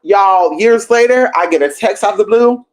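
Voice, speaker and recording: Woman on a livestream spilling tea, sassy and swearing a lot, mid-pitched voice. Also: moderate pace. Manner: sassy, profane, animated gossip. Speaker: livestream host. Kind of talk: casual livestream storytelling.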